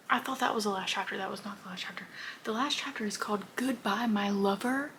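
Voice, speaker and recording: A woman's voice: mid-range voice, normal speed, fairly bright tone, a little hiss or hum. A young woman talking casually in a reading vlog, emotional and often dropping to a whisper. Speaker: book vlogger.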